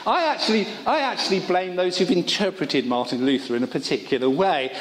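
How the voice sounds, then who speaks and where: A man's voice: high-pitched, animated, fairly quick, a little hiss or hum. A man preaching a sermon in a college worship service, talking in a conversational way with humorous asides. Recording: long reverb of a hall.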